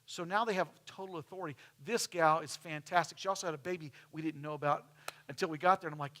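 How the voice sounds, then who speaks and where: A man with a twang gives a casual sermon, walking his congregation through a slideshow with chatty asides. His voice is bright and a little raised in pitch, and he slips into the voices of the people in his stories. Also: quick pace. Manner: chatty, storytelling, acts out quoted people. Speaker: pastor. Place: church.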